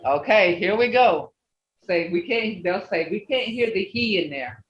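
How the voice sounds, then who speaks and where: A patient language teacher speaking slowly, their pitch rising and falling a lot as they repeat each word and keep checking that the class follows along. The sound comes through an echoey, muffled video call with faint noise behind it. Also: expressive.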